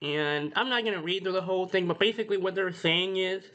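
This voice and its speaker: A man's voice: high voice, fast, bright, forceful tone, rough recording. A nasal-sounding young man, just woken up, giving casual rambling commentary and reading an article aloud on a computer mic. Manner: rambling, filler-heavy, reads article aloud. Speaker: gaming YouTuber.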